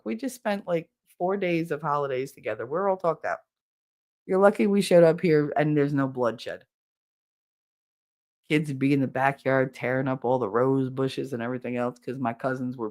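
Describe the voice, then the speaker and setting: A woman's voice: low voice, darkish tone. A woman from the northern United States chatting casually on a livestream, telling a blunt, jokey, rambling family story. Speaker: streamer.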